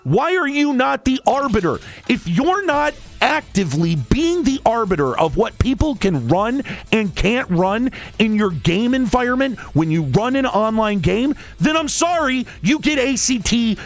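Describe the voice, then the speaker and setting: A man's voice: very high voice, very animated, moderate pace, faint music behind. A man hosting a stream, ranting in an exasperated, profane, sarcastic way. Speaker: streamer and podcast host. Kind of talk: angry rant.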